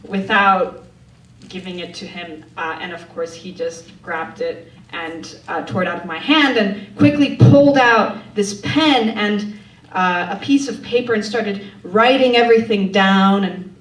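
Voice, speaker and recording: A woman's voice: mid-range voice, a little slow. A woman from Poland, telling a true story live on stage in a wry, conversational way, often laughing as she talks. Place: theater stage before an audience. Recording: echoey room, distant mic, faint ambience.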